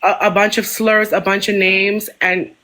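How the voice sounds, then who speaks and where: A caller with a DC-area American accent plays a job applicant, deferential and full of fillers. The voice stays flat in pitch and has a bright tone. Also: normal speed. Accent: American, Washington DC area. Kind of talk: role-play job interview.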